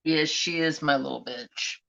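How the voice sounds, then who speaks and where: A man's voice: fairly high pitch, fairly even intonation, a little slow, vocal fry, bright, forceful tone. A man hosting a craft livestream, chatting casually and bluntly, swearing freely. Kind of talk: casual live-stream chat. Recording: dull lo-fi stream audio.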